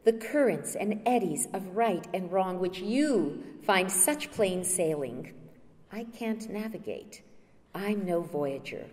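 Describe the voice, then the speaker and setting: A woman's voice: medium pitch, lively intonation, slow pace, darkish tone. A woman reading as a stubborn principled statesman. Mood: firm. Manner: read aloud as a quoted scene, earnest. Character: principled older male statesman, calm and stubborn. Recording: reverberant lecture hall.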